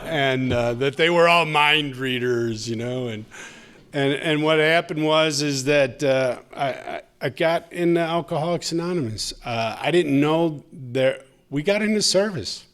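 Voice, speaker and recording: A man's voice: a little high, measured pace, fairly bright tone. A man speaking at a recovery meeting, sharing his story in a conversational, humorous way that turns tender. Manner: conversational, humorous, gets emotional. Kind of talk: personal recovery talk. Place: meeting room, live audience.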